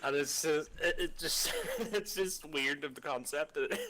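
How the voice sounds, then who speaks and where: A man's voice: a little high, measured pace, bright, forceful tone. A British man co-hosting a casual gaming podcast, joking in cheeky, teasing banter. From Britain. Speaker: podcast co-host. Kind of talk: casual chat.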